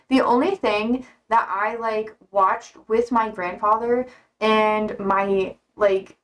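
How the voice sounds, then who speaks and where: A young American woman streaming, rambling casually with many fillers and swear words, jumping high in pitch when she quotes people. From United States. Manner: animated, jumps high for quoted voices. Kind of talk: casual chat with chat readers.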